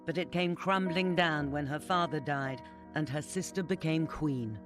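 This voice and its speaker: Man narrating a documentary over music. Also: a little high. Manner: measured, formal. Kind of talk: scripted narration.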